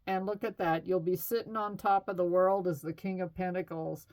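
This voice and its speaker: A woman's voice: on the low side, steady tone, moderate pace, darkish tone. A middle-aged woman giving a casual tarot reading in a chatty, reassuring way, with fillers and light laughs. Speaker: tarot reader.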